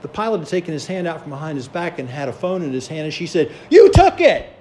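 A man's voice: a little high, fast. A man preaching a sermon, telling a story and acting out the voices of its people. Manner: storytelling, acts out quoted voices.

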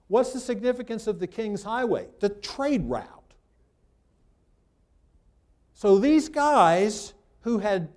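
In a Bible class, a man with a high, slightly mellow voice reads scripture and then interrupts himself with loose remarks, restarting as he indicates spots on a map.

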